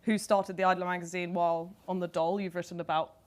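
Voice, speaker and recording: A woman hosts a live onstage interview. She puts her questions in a measured, articulate way. Her voice sits on the low side. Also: little pitch movement, a little mellow. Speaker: interviewer and host. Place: event before a live audience.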